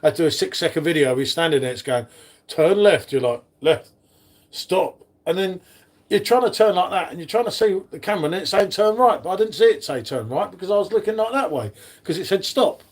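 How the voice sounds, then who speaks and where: A man's voice: high voice, expressive, fast. A man hosting a casual live stream, chatting with viewers in the chat by name. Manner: chatty, matey, talks to chat readers by name.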